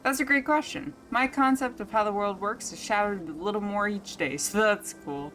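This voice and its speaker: A woman's voice: mid-range voice, normal speed, a bit bright, soft background music, lightly acted, poor audio. Woman voicing a wry, anxious best friend. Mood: worried. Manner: chatty, wry.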